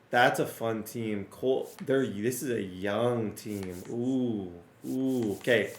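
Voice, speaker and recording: Excitable male game commentator with a strained, cracking voice and mid pitch; roomy sound. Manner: excitable, talks to viewers, rattles off player names. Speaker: gaming YouTuber. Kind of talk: casual gameplay commentary.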